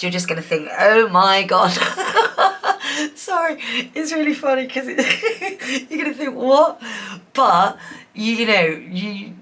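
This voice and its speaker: A woman's voice: on the low side, bright, forceful tone. A woman giving a chatty, enthusiastic tarot reading to her viewers, often breaking into giggles. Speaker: tarot reader. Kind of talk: casual pick-a-card reading.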